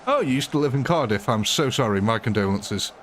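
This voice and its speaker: A man's voice: mid-range voice, expressive, a little fast, fairly bright tone, a little hiss or hum. A British man with a mid-range voice chats casually on a gaming live stream. He jokes a lot and answers viewers by name. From Britain. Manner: joking, chatty, answers chat by name. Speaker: game streamer.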